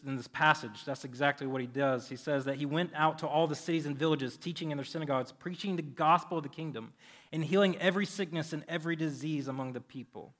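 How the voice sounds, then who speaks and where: Earnest pastor preaching. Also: male voice, fairly high pitch, a bit bright, no room sound. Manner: conversational, earnest, self-interrupting. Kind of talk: sermon.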